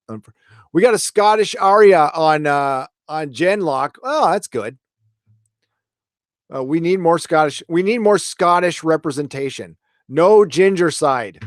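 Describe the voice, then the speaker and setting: A man's voice: on the high side, no room sound, clean studio sound. A man hosting a live stream, reading viewer comments in casual, rambling chat and swearing now and then.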